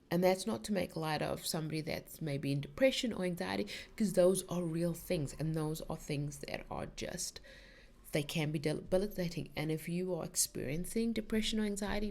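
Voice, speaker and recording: Middle-aged female podcast host, slightly low voice, casual rambling spiritual chat. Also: vocal fry, darkish tone. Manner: chatty, rambling, many "like"s and restarts.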